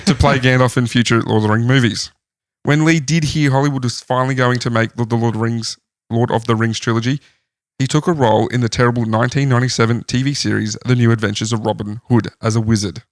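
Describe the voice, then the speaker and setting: A man with a middle-pitched voice leads a casual podcast chat, relaying facts in a relaxed tone. The sound is dry and close, with no room echo. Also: fast. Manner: relaxed retelling of researched facts. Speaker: podcast host.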